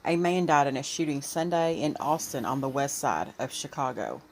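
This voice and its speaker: A woman YouTube commentator reading posts and a news item aloud, with soft asides in between. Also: a bass voice, expressive, normal speed, a little hiss or hum.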